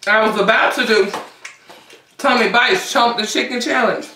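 Speaking to her viewers in a casual eating-show vlog, this mukbang host has a slightly high, sharp voice and a moderate pace. She sits far from the mic in an echoey room, with a little hiss or hum.

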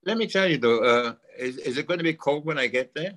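An older man chatting as a guest in an interview, halting and repeating himself, often adding "you know". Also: mid-range voice, expressive, a bit bright. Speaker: guest singer. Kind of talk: casual interview chat.

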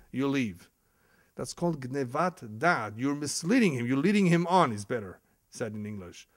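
In a dry, clean studio recording, a man with a mid-range voice teaches a religious ethics lesson as a rabbi. He narrates with energy, voices the speakers in his stories, chuckles frequently, and mixes Hebrew words into his English.

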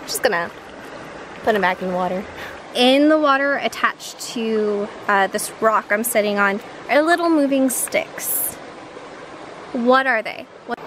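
A woman vlogging on a hike beside a creek, chatty and playful, and quick to get worked up. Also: a little high, animated, a bit bright. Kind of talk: casual outdoor vlog chat. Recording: noisy outdoor recording.

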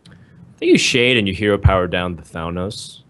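A man's voice: deep voice, expressive, moderate pace, fairly bright tone. A man casting a live card-game match, explaining plays at length in an analytical way. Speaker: esports commentator.

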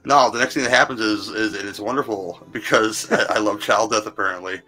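Podcast guest, man, bright and forceful tone, stammers, punchy asides, faint music. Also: fairly low pitch, fairly even intonation, a little fast, rough recording. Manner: stammering restarts, emphatic asides. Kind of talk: casual movie review chat.

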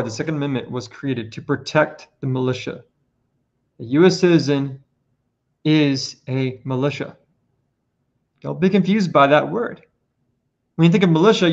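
An earnest man lays out his points on a casual podcast, pressing harder on each one. His voice sits a little high. The audio is dull and lo-fi. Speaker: podcast guest presenter. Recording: lo-fi muffled audio.

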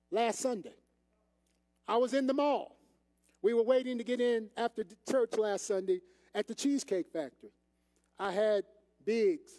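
A man's voice: very high-pitched, a little mellow. An older man, an assistant pastor, preaching a sermon in a folksy, conversational way and talking straight to the congregation. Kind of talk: sermon with storytelling. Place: church sanctuary. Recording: echoey church hall.

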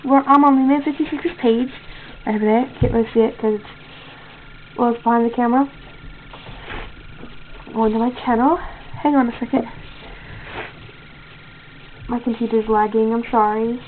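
A woman's voice: on the high side, steady tone, moderate pace, pauses often, phone-quality sound, slight background noise. A female contest host in a casual home video, rambling and correcting herself often. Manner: rambling, with many fillers and self-corrections.

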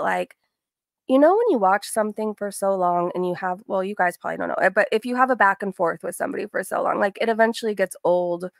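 A woman's voice: medium pitch, gravelly, no echo, studio quality. A young woman hosting a casual livestream, bubbly and giggly, greeting her chat by name. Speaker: livestream host.

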